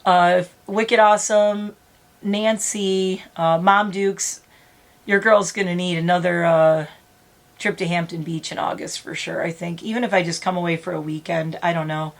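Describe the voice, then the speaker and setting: A woman's voice: fairly low pitch, fairly even intonation, normal speed, vocal fry. A middle-aged woman vlogging casually, rambling and close to tears, laughing through emotion. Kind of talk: emotional casual vlog talk.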